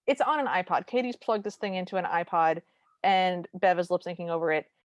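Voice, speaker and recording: A woman's voice: on the low side, brisk, dry recording, muffled recording. A woman co-hosting a podcast, casually recapping a movie's plot beat by beat with dry asides. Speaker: podcast co-host.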